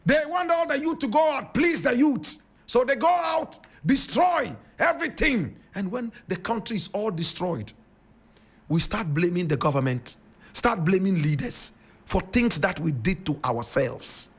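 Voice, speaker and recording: With a Ghanaian accent and a high-pitched, husky, sing-song voice at a measured pace, a radio commentator preaches with passion and emphasis, throwing out rhetorical questions.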